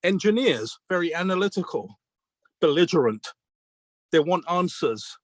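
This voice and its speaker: A man's voice: fairly high pitch, very animated, normal speed, no echo. British man telling stories, dry close sound. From Britain. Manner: retells mentors' advice as quoted dialogue, with questions and answers; earnest, reflective. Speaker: magician being interviewed. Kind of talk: conversational storytelling.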